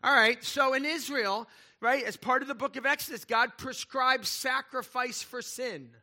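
A pastor with a very high voice preaches at normal speed, keeping things conversational and animated. He often pauses to check in with the congregation and adds playful asides.

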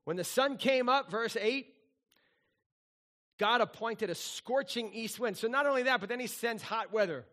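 A middle-aged man, a pastor, preaching a sermon in a playful, animated storytelling manner. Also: very high-pitched, moderate pace.

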